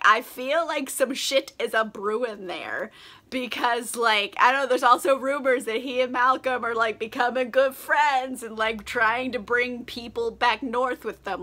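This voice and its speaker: A woman's voice: on the high side, bright, forceful tone. A tipsy woman doing a casual book recap vlog, slangy and profane, leaning on "like" and laughing a lot. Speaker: book vlogger.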